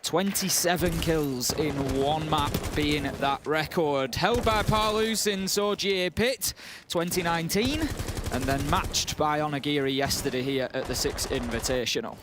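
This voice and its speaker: A man's voice: fairly high pitch, fairly even intonation, measured pace, noisy background. A man giving color commentary on an esports match, eager and analytical in a conversational way. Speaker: esports caster.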